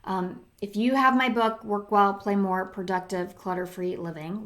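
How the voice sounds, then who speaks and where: A woman's voice: medium pitch, steady tone, moderate pace, fairly bright tone. A middle-aged woman hosting a solo podcast, talking in a chatty way with lots of fillers and restarts. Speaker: podcast host.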